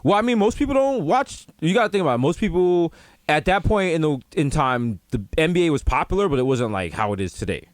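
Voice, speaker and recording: A man riffing in loose, comedic podcast banter, his voice sitting a touch high for a man. He jumps into exaggerated put-on voices for the people he quotes. The sound is close and dry, with no room around it. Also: animated, quick pace, no echo. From the Bronx, New York. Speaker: podcast co-host. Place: home.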